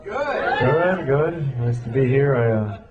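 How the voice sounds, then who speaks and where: A man doing a stand-up set, self-deprecating and animated. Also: medium pitch, slow pace, lo-fi sound. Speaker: stand-up comedian. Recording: live club with loud crowd and noise.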